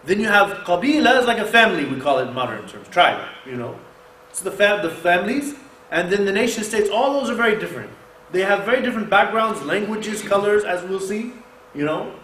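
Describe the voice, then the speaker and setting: A man giving an animated sermon at a mosque, asking rhetorical questions and quoting Arabic scripture. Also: high-pitched, fairly quick. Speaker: mosque speaker. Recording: echoey room with faint noise.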